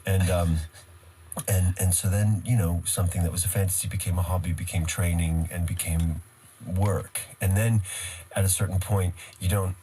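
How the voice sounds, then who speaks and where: A man's voice: low-pitched, steady tone, normal speed, warm tone, a little hiss or hum. A middle-aged man, raised in the United States, telling stories from his life as an actor in a casual interview, wry and self-deprecating. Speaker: actor, guest.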